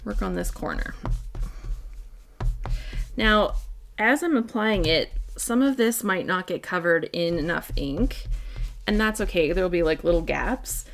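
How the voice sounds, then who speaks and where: A woman's voice: on the low side, animated, a little slow, pauses often, soft background music. A woman hosting a scrapbooking livestream. She chats casually and thinks aloud as she demonstrates a craft, and she talks to her viewers by name. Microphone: desk microphone.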